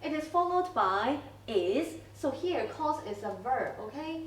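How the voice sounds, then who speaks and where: A woman teacher talks through an English lesson at an unhurried, deliberate pace, checking in with her class after each point. Her fairly high voice comes from a distance in an echoey classroom, with faint room noise behind it. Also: expressive. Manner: slow, explanatory, checks in with frequent okay. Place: school classroom.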